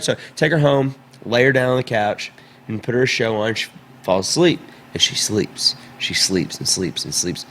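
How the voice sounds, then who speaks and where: A man's voice: mid-range voice, moderate pace, a bit bright. Man rambling through a story. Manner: rambling, repeats words while telling a story. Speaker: podcast guest. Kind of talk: casual storytelling chat.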